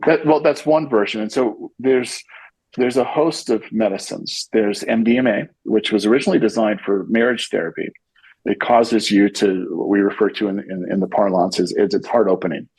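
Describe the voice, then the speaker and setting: Male podcast guest, low gravelly voice, loose conversational delivery full of restarts, dry close sound. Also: fairly even intonation, normal speed, a little mellow, dry recording, poor audio. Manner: rambling with frequent restarts and fillers. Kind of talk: casual conversational interview.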